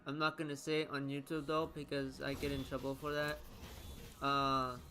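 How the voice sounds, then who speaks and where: A man's voice: medium pitch, little pitch movement, moderate pace, bright, forceful tone. A young man with a Floridian accent chatting casually while playing a game, reacting aloud and often trailing off mid-sentence. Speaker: gaming content creator. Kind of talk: casual gameplay commentary.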